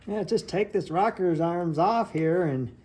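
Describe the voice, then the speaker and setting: In a repair shop with heavy background noise, a small engine repair technician gives a casual hands-on walkthrough. He speaks at medium pitch, unhurried, relaxed and plain-spoken, thinking aloud as he works.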